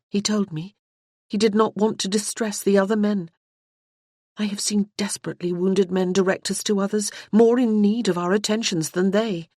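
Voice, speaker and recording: An audiobook narrator voicing an anxious, grieving young noblewoman who speaks earnestly and pleadingly, rising in pitch. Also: a little mellow, dry recording, studio quality, natural voice. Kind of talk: audiobook character voice.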